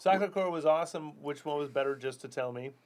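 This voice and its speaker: A man co-hosting a podcast, chatting casually, laughing often and telling animated stories. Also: a little high, fast talker. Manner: laughing, animated storyteller, swears freely. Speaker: podcast co-host. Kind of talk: casual chat.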